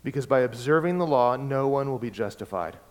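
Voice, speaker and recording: A man preaching a sermon, emphatic and repeating key words, swinging between loud and soft. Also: medium pitch, lively intonation, a little fast. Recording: long hall reverb.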